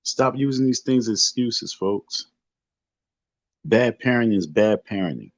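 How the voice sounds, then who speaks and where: A man's voice: lowish voice, animated, a little slow, no echo. A man hosting a casual livestream rant, talking emphatically and preachily, repeating his points and swearing freely. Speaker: livestream host. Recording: dull lo-fi dry sound.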